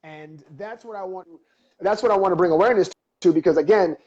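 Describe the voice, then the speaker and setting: A man's voice: high-pitched, fast talker, a little mellow, dull audio. A man hosting a live-stream talk, coaching viewers with earnest rhetorical questions. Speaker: host.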